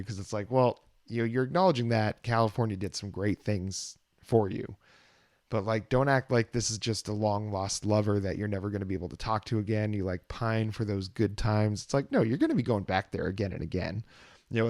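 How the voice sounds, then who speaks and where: A man's voice: fairly low pitch, no room sound, clean studio sound. A man co-hosting a casual music podcast, talking in a laid-back, rambling way. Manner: laid-back, rambling, many fillers and restarts. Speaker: podcast co-host. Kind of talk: casual album review chat.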